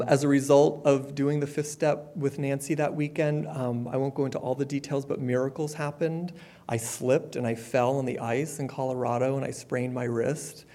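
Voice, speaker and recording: Man sharing a candid recovery story. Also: mid-range voice. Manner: candid and conversational, with fillers and soft laughs. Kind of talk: personal testimony at a support meeting.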